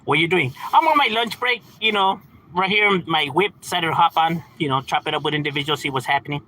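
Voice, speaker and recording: A man's voice: fairly high pitch, fast, bright, forceful tone, rough recording. Laid-back man streaming. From San Fernando Valley, California. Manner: laid-back, slangy, laughs often. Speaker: livestream host. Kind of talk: casual livestream chat.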